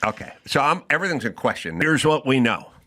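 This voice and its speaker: A man hosting a comedy podcast, telling a profane, animated story and acting out the dialogue. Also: mid-range voice, fast. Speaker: podcast host. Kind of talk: casual comedic rant.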